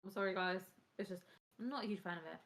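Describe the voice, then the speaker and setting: A woman's voice: mid-range voice, quick pace, a bit bright. A British woman co-hosting a podcast, chatting casually and reading out a ranked list with giggles. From Britain. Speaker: podcast co-host. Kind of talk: casual chat.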